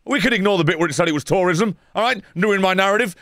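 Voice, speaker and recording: A man's voice: sits high, sing-song, racing, hardly any pauses, no room sound. Sarcastic man ranting over a game. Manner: sarcastic, swearing, swings from mutters to shouts. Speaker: gaming streamer. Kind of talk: playing a game with live commentary.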